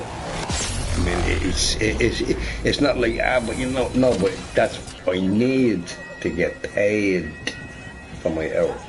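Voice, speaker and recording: Rambling low-voiced man chatting while gaming. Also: animated, takes it slowly, creaky. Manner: rambling, repeats "right?" often, restarts and swears. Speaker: streamer. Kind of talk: casual chat while gaming. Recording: noisy recording with game sound behind.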